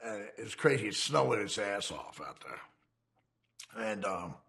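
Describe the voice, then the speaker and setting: A man's voice: fairly low pitch, sing-song, takes it slowly, a bit bright. A man casually telling a rambling, profane story about his criminal past, laughing now and then.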